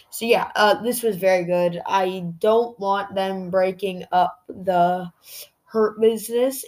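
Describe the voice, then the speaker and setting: A woman's voice: mid-range voice, darkish tone. A woman hosting a podcast, casually reviewing a wrestling show in a chatty way, full of "like" fillers. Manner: chatty, heavy use of "like" fillers. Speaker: podcast host.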